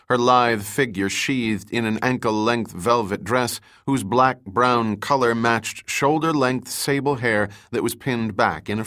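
Casting: male narrator, low voice, measured novel reading. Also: fairly bright tone. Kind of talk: audiobook narration.

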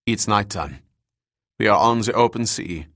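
A man's voice: lowish voice, unhurried, fairly bright tone, dry recording, studio quality. A man voicing a blunt, alarmed wartime passenger. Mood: urgent. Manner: urgent, blunt.

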